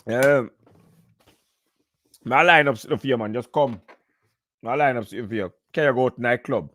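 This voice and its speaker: A man's voice: mid-range voice, a little slow, fairly bright tone. A man from Jamaica with a Jamaican accent, chatting casually and jokingly in patois on a live stream. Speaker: podcast guest.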